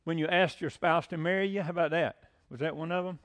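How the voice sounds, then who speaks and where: A man's voice: on the high side, steady tone, quick pace, fairly bright tone. A man preaching a sermon in a conversational way, with frequent fillers, rising to emphatic bursts when quoting scripture. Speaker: pastor.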